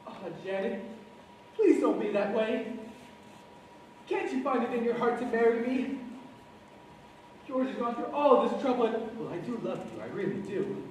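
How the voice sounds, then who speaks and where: A man's voice: extremely high pitch, lively intonation, normal speed, pauses often, darkish tone, a little hiss or hum. A young male student actor playing an earnest, lovesick groom in a live stage musical, pleading and flustered. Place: school auditorium stage. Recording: echoey hall from far off, music.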